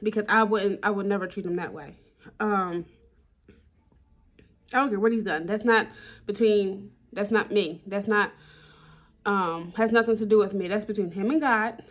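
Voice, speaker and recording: A woman's voice: medium pitch, moderate pace, long pauses. A woman vlogging candidly about her relationship, emotional and blunt, swearing and repeating herself for emphasis. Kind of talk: personal vlog, talking to camera.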